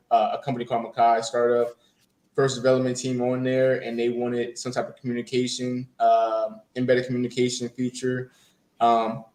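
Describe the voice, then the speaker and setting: A man's voice: medium pitch, darkish tone, reverberant. A man, a bootcamp graduate, talking casually in an interview over a video call, with lots of fillers and restarts. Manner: hesitant, many fillers and restarts.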